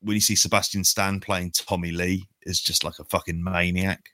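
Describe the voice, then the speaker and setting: A man chatting casually on a podcast, giving quick, opinionated takes and swearing casually. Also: low-pitched, flat delivery, bright, forceful tone, no room sound.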